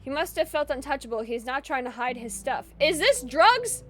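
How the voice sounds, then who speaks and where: A woman's voice: high voice, big pitch swings, moderate pace, fairly bright tone, faint music behind. A woman streamer giving chatty, casual gaming commentary, giggling often and swearing casually.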